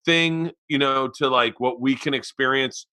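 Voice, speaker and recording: Loud, bright-voiced male podcast host. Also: medium pitch, unhurried. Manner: loud, profane storyteller acting out voices. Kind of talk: casual chat.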